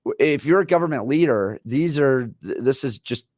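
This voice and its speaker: A man in his forties co-hosting a talk radio show, telling stories in an animated way with laughs. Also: medium pitch, normal speed, no room sound, studio quality. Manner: animated storyteller, laughs while telling anecdotes. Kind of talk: casual talk radio banter. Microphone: studio microphone.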